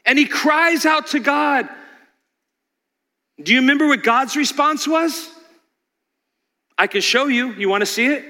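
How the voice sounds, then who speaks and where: A man's voice: very high-pitched, a little slow, pauses often, bright, forceful tone. A man preaching a dramatic sermon, asking the congregation rhetorical questions. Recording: long hall reverb.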